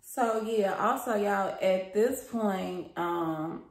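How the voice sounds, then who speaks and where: A young adult woman chats to her viewers in a casual storytime vlog, gossipy and freely profane. Her mid-range voice is slow, and the recording has a roomy echo.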